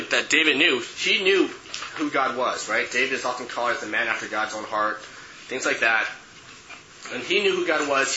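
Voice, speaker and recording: A man's voice: mid-range voice, sharp tone. A man leading a youth group lesson in casual teaching talk, often checking in with "okay" and "right". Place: room with a group. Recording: echoey room, muffled, noisy.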